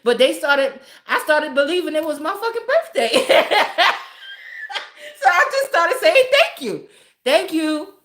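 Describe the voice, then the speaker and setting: A woman's voice: very high-pitched, unhurried, fairly bright tone. A woman hosting a casual livestream, greeting viewers by name, chatty and profane, laughing often. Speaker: livestream host. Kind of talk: casual live-stream chat.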